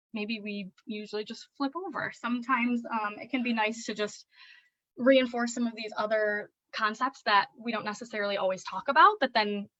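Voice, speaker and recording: A young adult woman, a speech-language pathologist, gives a relaxed lesson for parents on early reading. She talks through ideas with plenty of "um"s and turns lively and singsong when she reads from a children's book. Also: fairly high pitch, no room sound, dull audio.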